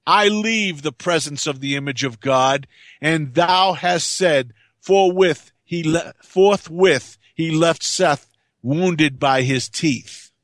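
A man reading the lines of a spiteful talking serpent, taunting in slow archaic speech. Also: a little high, a bit bright, dry recording, clean studio sound.

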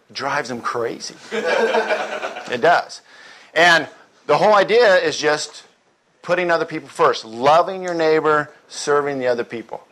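A man's voice: mid-range voice, fairly bright tone. Middle-aged male preacher, folksy storyteller who slips into other people's voices to act out his anecdotes. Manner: storytelling, mimics voices, rhetorical questions. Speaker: church speaker. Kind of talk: conversational sermon with acted-out stories.

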